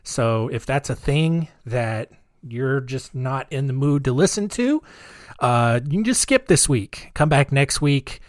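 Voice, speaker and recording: Man, podcast host, casual rambling storytelling, sarcastic asides, lively pitch. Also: unhurried, no echo, clean studio sound. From United States.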